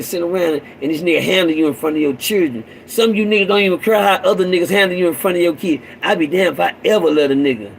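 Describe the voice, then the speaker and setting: Casual preacher-style rant from a middle-aged guy with a high voice, fired up, says things over and over, drops low and gravelly when he gets serious. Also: slight background noise, rough recording. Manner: fervent, repetitive, swings between raised urging and low growl. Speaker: father addressing other fathers. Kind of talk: impassioned street-sermon monologue.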